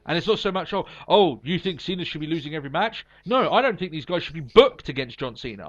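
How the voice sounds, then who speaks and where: A fairly high-voiced man co-hosts a casual podcast, ranting bluntly and cursing as he makes his points. The sound is a bit dull and lo-fi. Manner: blunt opinionated ranting with swearing. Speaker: podcast co-host. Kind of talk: casual wrestling chat.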